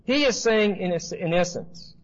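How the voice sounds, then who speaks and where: Brief: emphatic male Bible teacher, high voice, dull lo-fi recording. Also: animated, normal speed. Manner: explanatory, emphatic, with asides and rhetorical questions.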